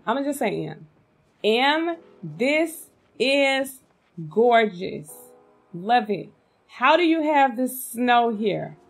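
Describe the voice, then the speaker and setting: Slow, husky-voiced woman gushing to viewers. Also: fairly high pitch. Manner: chatty and gushing, talks to viewers as "y'all". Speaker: game content creator. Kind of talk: casual gameplay commentary.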